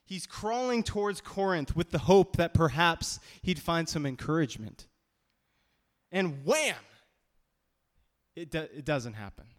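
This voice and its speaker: A man's voice: on the high side, moderate pace, few pauses. A man preaching a sermon as pastor, conversational and emphatic, with frequent restarts. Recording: long reverb of a hall.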